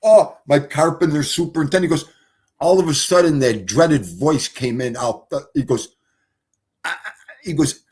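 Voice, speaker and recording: A middle-aged man telling stories casually on a livestream, animated, swinging from loud exclamations to quiet mutters. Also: fairly high pitch, moderate pace, slightly rough. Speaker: streamer.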